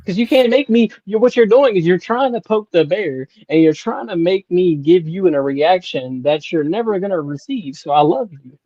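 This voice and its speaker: Give me a man who is a podcast guest, high-voiced and emphatic, preaching his point and checking in with the listener. The audio is a bit dull and muffled. It is dry with no room sound. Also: expressive, moderate pace, few pauses, warm tone, no echo. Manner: emphatic, preachy, often asks "you know what I'm saying". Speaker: guest, music artist. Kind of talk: casual podcast interview.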